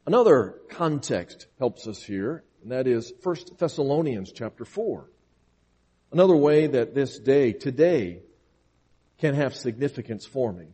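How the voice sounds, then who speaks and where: A man's voice: mid-range voice, sing-song, unhurried, warm tone, slightly rough. A man preaching a sermon, reading scripture aloud and driving his points home with earnest, emphatic repetition. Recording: long reverb of a large hall.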